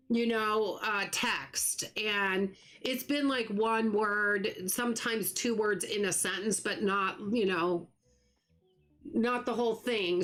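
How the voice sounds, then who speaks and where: A middle-aged American woman hosting a live stream, chatting earnestly with viewers and often restarting her sentences. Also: mid-range voice. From United States. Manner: earnest, talks fast when excited, trails off and restarts. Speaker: livestream gaming host. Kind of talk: casual chat with live viewers.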